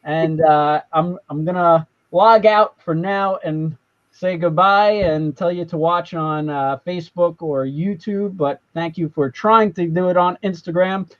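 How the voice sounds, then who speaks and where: Man, host, high pitch, rambling, excitable, lo-fi muffled audio. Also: unhurried. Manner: rambling, excitable, many restarts. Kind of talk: casual live-stream chat. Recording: lo-fi, dull sound.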